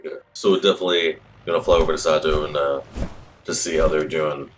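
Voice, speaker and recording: A man playing a tabletop game, hesitant and soft-spoken, often trailing off. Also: a bass voice, steady tone, quick pace, soft background music, low-quality recording. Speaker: player. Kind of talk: casual tabletop play.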